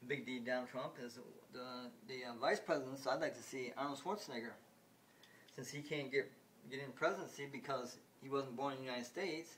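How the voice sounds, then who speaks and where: Rambling, halting man vlogging. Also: mid-range voice, a bit bright, slight background noise. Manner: halting and repetitive, many restarts. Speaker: video game vlogger. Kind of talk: rambling home video chat.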